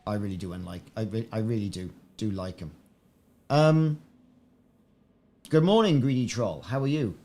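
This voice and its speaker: A man chatting casually to viewers as a game streamer on a live stream, rambling and repeating himself. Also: mid-range voice. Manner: musing, repeats himself often. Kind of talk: live-stream gameplay chat.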